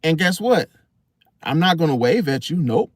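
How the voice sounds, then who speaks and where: A man's voice: a little high, animated, normal speed, no room sound. Man talking astrology, casual and conversational, keeps saying "see?", dry close sound. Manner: conversational, repeats "see?", acts out quoted voices. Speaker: astrology video host. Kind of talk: casual monologue to camera.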